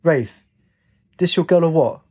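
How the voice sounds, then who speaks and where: A man puts on a swaggering young dealer who barks threats in street slang. The voice sits higher than a plain male read and keeps a husky grain. He sounds impatient and ready to turn violent. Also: a little slow, mellow. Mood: menacing. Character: cocky menacing young male drug dealer.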